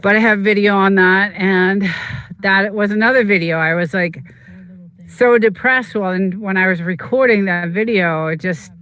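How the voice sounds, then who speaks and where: Livestream host who chats casually, rambling and halting between fillers. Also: medium pitch, bright, forceful tone, clear, resonant tone. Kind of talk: casual chat while streaming a game.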